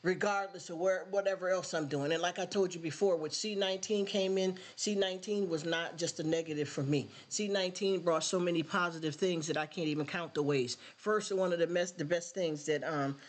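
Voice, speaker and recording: A woman's voice: fairly low pitch, brisk, hardly any pauses. Woman on a livestream just chatting, rambly and earnest, keeps asking if u get what she's saying. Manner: rambling, earnest, talks straight to viewers; emotional, near tears when thanking viewers. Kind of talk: casual livestream chat.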